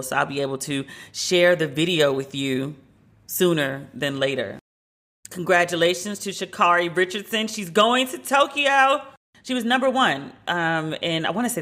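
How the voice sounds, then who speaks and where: A woman hosts her podcast alone from her open-plan home loft and talks in a lively, casual way. Her voice is bright and forceful. She chats in long running stretches with plenty of "like" fillers. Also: low-pitched. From based in Los Angeles. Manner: chatty and animated, many "like" fillers. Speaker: podcast host. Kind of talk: casual solo chat.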